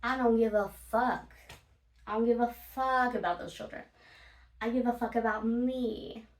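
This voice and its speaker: A woman's voice: fairly high pitch, fairly even intonation, moderate pace. A woman vlogger telling casual stories, blunt and profane, laughing often as she talks. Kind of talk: casual storytime monologue. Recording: roomy, from a distance.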